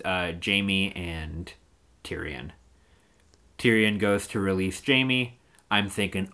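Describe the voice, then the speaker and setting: A young man co-hosting a podcast, chatting casually and retelling scenes with lively, profane enthusiasm. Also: lowish voice. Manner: animated retelling, acting out scenes, swears freely. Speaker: podcast co-host. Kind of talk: casual chat recapping a TV show.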